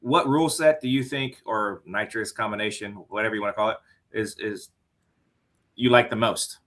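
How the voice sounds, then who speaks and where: A man's voice: fairly low pitch, normal speed, a bit bright. A man asking technical racing questions in casual radio chat. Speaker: guest.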